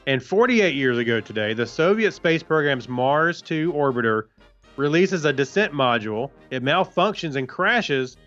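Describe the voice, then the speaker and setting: A man's voice: on the high side, expressive, normal speed, a bit bright, dull audio, soft background music. A man co-hosting a podcast, reading history items with dry puns and stumbling over some names. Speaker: podcast co-host. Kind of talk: casual chat reading this-day-in-history.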